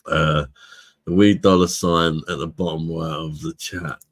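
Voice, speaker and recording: A man with a low voice and a British accent talks loosely to his live chat. He is relaxed and chatty, laughs a lot and drops casual swears. His delivery stays easygoing and unscripted. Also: a little slow. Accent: British English. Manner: laid-back, chatty, laughs often, swears freely. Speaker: livestream host, beer reviewer.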